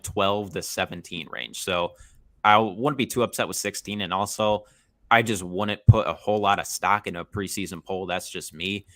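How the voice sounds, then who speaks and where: A man appearing as a guest on a sports podcast, talking in a measured way and thinking aloud with lots of fillers. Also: low-pitched, pushed and bright, no echo, clean studio sound. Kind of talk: casual sports podcast chat.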